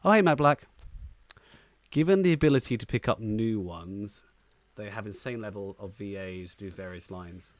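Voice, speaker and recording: A man with a fairly low voice chats through his gameplay as a streamer, cracking jokes and teasing himself. The sound is dry and close, with no room around it. He talks in a loose, casual way. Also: animated, moderate pace, no room sound. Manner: joking, chatty, playfully self-mocking. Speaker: gaming streamer.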